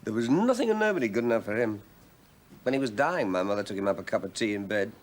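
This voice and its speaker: A weary, stubborn middle-aged professor, played by a man, who stammers and rambles defensively. His voice leaps up and down in pitch from one phrase to the next. A faint hiss sits under the 1980s TV drama sound. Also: animated, fast, lightly acted. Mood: brooding. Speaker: research scientist.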